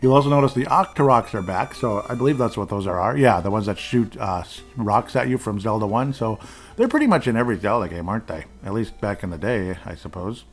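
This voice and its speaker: Low-voiced man chatting through a game. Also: a little fast, faint music behind. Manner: rambling, chuckles often, self-deprecating. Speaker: host. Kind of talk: casual game walkthrough commentary.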